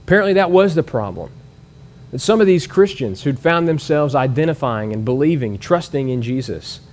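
A man preaches in an earnest, conversational way. His pitch sits in an ordinary middle register, and he climbs higher on points he wants to land, then sinks low and soft to close a thought. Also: lively intonation, normal speed. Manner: earnest, conversational preaching with rising emphasis and quiet drops. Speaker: pastor. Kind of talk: sermon.

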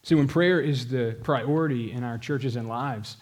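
A man's voice: mid-range voice, normal speed, a little mellow, slight background noise. A middle-aged pastor preaching a sermon, telling a story with emphasis and speaking directly to his congregation. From American South.

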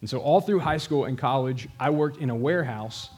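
A man's voice: mid-range voice, fairly quick, a little mellow, husky. A middle-aged pastor preaching a sermon, telling a story with emphasis and speaking directly to his congregation. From American South.

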